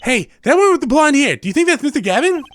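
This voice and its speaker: A bouncy, excitable teenage girl magician from a game, her voice pitched way up and squealing on every exclamation, swinging wildly in tone. A man reads her lines aloud, putting on a high girlish voice. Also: fast talker, heavily acted. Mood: excited.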